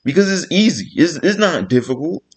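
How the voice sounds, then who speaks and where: A man's voice: on the high side, very animated, normal speed, slightly rough. A man delivering a blunt, profane, exasperated rant to camera as a vlogger. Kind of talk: ranting vlog monologue.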